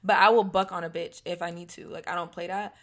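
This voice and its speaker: Bright-voiced young woman telling stories. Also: on the low side, quick pace. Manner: animated, swearing, dramatic storyteller. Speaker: podcast co-host. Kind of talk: casual storytelling chat.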